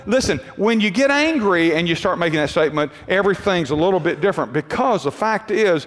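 A man's voice: high-pitched, animated, a little fast, few pauses, a bit bright, long reverb tail. A man pastor preaching a sermon to his congregation, conversational, with rhetorical questions and repeated points.

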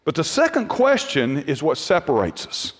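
A man's voice: a little high, huge pitch swings, moderate pace. A male pastor preaching a sermon, emphatic and repetitive, often restarting his sentences. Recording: long hall reverb.

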